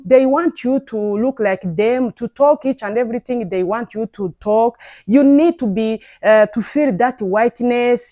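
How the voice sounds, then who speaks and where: A woman host gives earnest commentary, pausing and restarting as she builds her points. Her voice is somewhat high and mellow. The recording is dry and close. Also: no echo.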